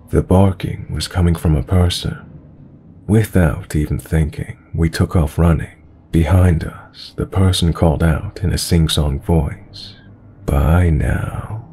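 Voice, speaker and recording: A man narrating true horror stories in a calm, measured storytelling voice. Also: very deep voice, slight background noise.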